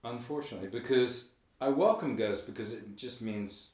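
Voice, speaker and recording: A middle-aged man hosting a podcast in a room of an old building, chatting in a rambling, animated way that often trails off. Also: medium pitch, normal speed, recorded from a distance. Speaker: podcast host. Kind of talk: casual podcast chat. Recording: roomy, from off the mic.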